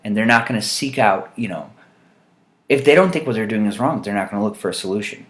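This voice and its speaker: A man telling funny stories as a vlog monologue, wry and rambling, with loud mock voices for the people he quotes. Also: fairly low pitch, fast. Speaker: vlogger. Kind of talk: humorous storytelling monologue.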